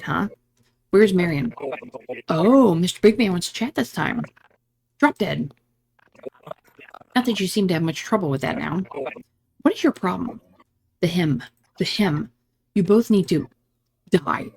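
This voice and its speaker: A woman's voice: fairly low pitch, lively intonation, moderate pace, pauses often, a little mellow. A woman hosting a gaming channel, reading game dialogue aloud in a let's-play and switching voices dramatically between the characters.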